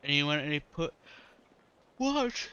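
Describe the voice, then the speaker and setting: A man's voice: a little high, very animated, measured pace, pushed and bright, smooth, dull audio. A man casually commentating his own game playthrough, offhand and sweary. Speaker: gaming streamer.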